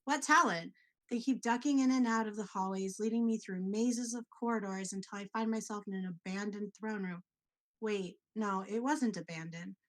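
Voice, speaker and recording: A woman's voice: mid-range voice, moderate pace, lightly acted. Woman playing a frightened young man in a tabletop game, reading his dream journal with an earnest unease. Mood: uneasy. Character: young man, anxious, haunted by nightmares. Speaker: player.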